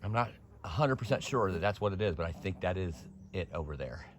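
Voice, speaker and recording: A man narrating his thru-hike on camera as he walks a forested mountain trail, rambling and laughing at himself, sometimes quieter and further from the mic. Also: low-pitched, lively intonation, fairly quick, slight background noise. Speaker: thru-hiker vlogging the trail. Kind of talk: casual trail vlog narration.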